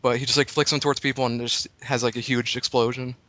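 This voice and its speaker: Smooth, dry-sounding man rambling. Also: medium pitch, flat delivery, quick pace, pushed and bright, no room sound. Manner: rambling, hesitant explanations. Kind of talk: casual chat.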